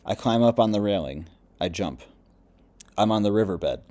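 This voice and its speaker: A man reading the quoted words of a depressed male spirit, lost and angry, in a low, quiet, subdued voice. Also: lively intonation, moderate pace, lightly acted. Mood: frightened.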